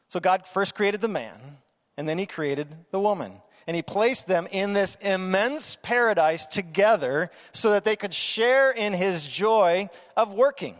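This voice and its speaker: Animated preaching man, high voice. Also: a little slow, in a large hall. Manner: animated, conversational preaching with playful asides. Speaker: pastor. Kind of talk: sermon.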